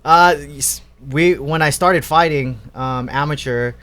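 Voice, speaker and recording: A man's voice: a little high, measured pace, fairly bright tone. Laid-back man in his thirties telling stories. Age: 30s. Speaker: guest, professional fighter. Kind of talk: casual storytelling chat.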